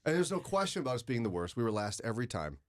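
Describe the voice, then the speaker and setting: A man's voice: mid-range voice, sing-song, racing. A man hosting a morning radio talk show, chatting casually and telling stories with dry, self-deprecating humor. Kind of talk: casual studio chat.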